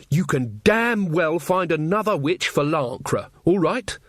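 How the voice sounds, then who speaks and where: A man's voice: on the high side, dry recording, studio quality, pitched above the performer's own voice, lightly acted. A man voicing a touchy young female witch who snaps back indignantly. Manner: snappy, indignant.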